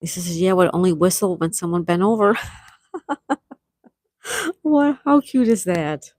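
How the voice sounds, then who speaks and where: Her voice is on the low side, animated and a little slow: a middle-aged woman hosting a laid-back livestream outdoors by calm water. Soft-spoken, she reads out what viewers write and thanks them with sweet exclamations, all captured in a dry, studio-quality recording.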